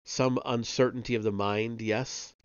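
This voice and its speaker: Man doing a raspy ancient tree creature. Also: medium pitch, fairly even intonation, measured pace, dry recording, dull audio, natural voice. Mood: cryptic, ominous. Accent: strange. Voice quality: thick and raspy, odd inverted speech. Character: ancient male tree librarian, cryptic, evasive.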